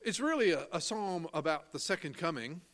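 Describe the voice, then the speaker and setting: Slow and emphatic, this preacher's slightly high, fairly bright voice has a sing-song lilt. He reads scripture in archaic language, unpacks its meaning, leans on key phrases, and asks the congregation questions that he then answers.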